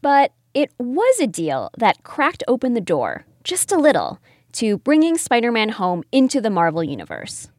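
A woman giving scripted podcast narration in a polished, expressive storytelling manner. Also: on the high side, moderate pace, dry recording, studio quality.

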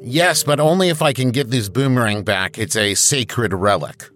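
A man's voice: mid-range voice, moderate pace, faint music behind. A man playing a tabletop role-playing game, joking and bantering casually with the group. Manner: jokey, animated banter. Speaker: player.

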